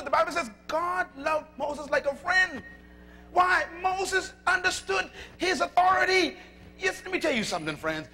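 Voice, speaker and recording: A male preacher delivering a sermon emphatically, calling out to the congregation and shouting at peaks. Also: extremely high pitch. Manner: emphatic, calls to audience.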